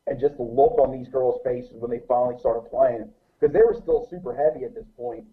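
A man guesting on a podcast, telling a profane, animated anecdote in a casual way. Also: mid-range voice, fairly quick. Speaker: guest musician. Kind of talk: casual storytelling. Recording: tinny phone-like line.

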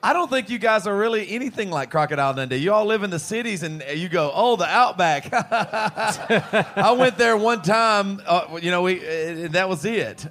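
A man's voice: high voice, normal speed, few pauses. An American man and podcast co-host, telling rambling, laughing stories to a live pub crowd. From United States. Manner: animated, laughing, rambling with restarts. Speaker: podcast co-host and band singer.

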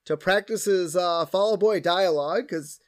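High-voiced man recapping a cartoon episode. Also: normal speed. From Minnesota. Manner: animated, laughs often, acts out quotes. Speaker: podcast co-host.

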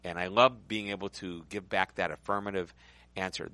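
A man's voice: sits low, steady tone, moderate pace, sharp tone, no echo. A middle-aged man hosting a business radio show, chatting and telling stories to his guest. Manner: storytelling, chatty, upbeat.

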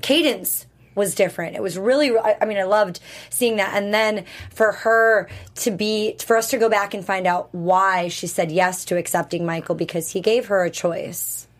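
A woman co-hosting a TV recap show, chatting casually and retelling scenes with quick enthusiasm. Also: medium pitch, fairly even intonation.

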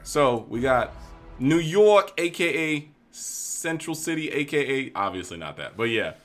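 A man co-hosting a podcast, joking excitedly and sometimes breaking into high put-on voices while talking over a trailer. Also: unhurried, soft background music. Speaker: podcast co-host. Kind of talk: casual chat over a trailer.

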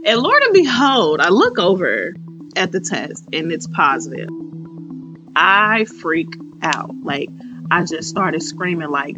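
A young Chicago woman in her twenties candidly tells her own story, slowly and in a sing-song way, with a lowish voice. She uses lots of fillers and acts out her past thoughts aloud, on a slightly muffled recording with faint music behind.

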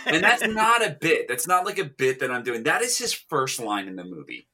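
A man's voice: fairly high pitch, big pitch swings, normal speed, sharp tone, husky. A man co-hosting a casual movie podcast, blunt and casually swearing. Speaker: podcast co-host. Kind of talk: casual movie review chat.

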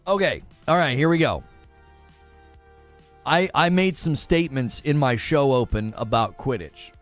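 Animated man in his forties, lively pitch. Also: measured pace, soft background music. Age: 40s. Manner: animated, laughing storyteller. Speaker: livestreamer. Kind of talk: casual livestream chat with viewers.

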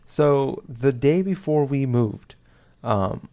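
A young man chatting casually on a podcast, telling a story in a halting, rambling way full of restarts and fillers. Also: mid-range voice, animated, warm tone.

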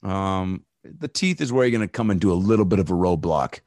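A man's voice: deep voice, animated, brisk, darkish tone, dry recording, clean studio sound. A man guesting as a comedian on a podcast, riffing loosely in casual chat with plenty of profanity and fillers.

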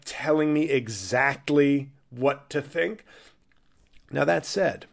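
A man's voice: mid-range voice, steady tone, moderate pace, gravelly. A man hosting his own podcast as a stand-up comedian, riffing in a rambling, irreverent, self-interrupting monologue.

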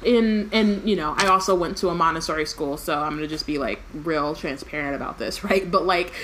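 A woman's voice: sits low, brisk, a bit bright, a little hiss or hum. A woman co-hosting a casual book podcast, reading passages aloud and chatting with lots of fillers and laughs. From California.

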